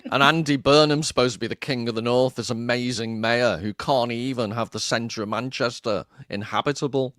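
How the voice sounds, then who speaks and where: A man's voice: mid-range voice, fairly even intonation, normal speed, few pauses, fairly bright tone, no room sound, clean studio sound. A man from northern England telling stories and giving opinions in a casual conversation. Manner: storytelling, opinionated. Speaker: guest.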